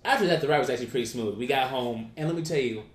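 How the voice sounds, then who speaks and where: A young man telling a story in casual chat, rambling with lots of restarts and filler. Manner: rambling, quick, many restarts and "like"s. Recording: echoey room with faint rumble.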